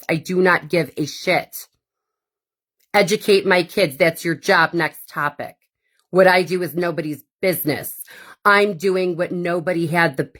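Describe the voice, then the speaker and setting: A woman hosting her own podcast in a combative, profane rant. She speaks slowly and deliberately, with a lowish voice. Sarcastic asides cut through the blunt delivery. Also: fairly bright tone. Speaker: podcast host. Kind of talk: ranting monologue.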